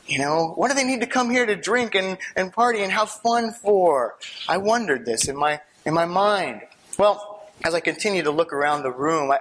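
Husky-voiced man telling an animated testimony. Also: high voice. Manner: animated, laughing, swings from hushed to excited outbursts. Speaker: speaker sharing a personal testimony. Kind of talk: storytelling testimony to an audience.

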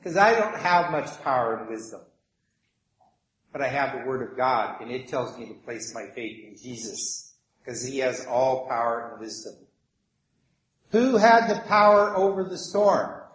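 A man's voice: medium pitch, measured pace. A man preaching a sermon, telling a story vividly and acting out its voices. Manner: animated storytelling with acted voices. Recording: echoey room.

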